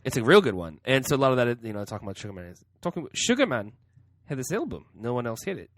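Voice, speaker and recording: Man, podcast co-host, quick lively pitch, dry close mic. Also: no echo. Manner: quick, animated, questioning. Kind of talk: casual chat.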